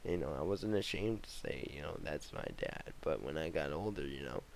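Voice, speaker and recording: A young man telling his life story in a vlog, halting and emotional with many fillers and restarts. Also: rumbling low, expressive, creaky, slight background noise, low-quality recording. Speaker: vlogger telling his memoir. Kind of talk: personal memoir vlog.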